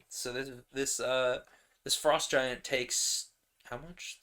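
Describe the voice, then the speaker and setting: Bright-voiced man narrating a solo game. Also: mid-range voice, measured pace. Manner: rambling, laughs often, many fillers. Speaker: solo tabletop game player.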